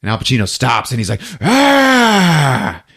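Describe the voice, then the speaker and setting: A man's voice: mid-range voice, expressive. A man on a podcast retelling a film scene by scene, laughing often and acting out the characters' lines. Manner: laughs often, acts out movie lines in quick voices. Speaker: podcast co-host recapping a film. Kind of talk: animated casual retelling.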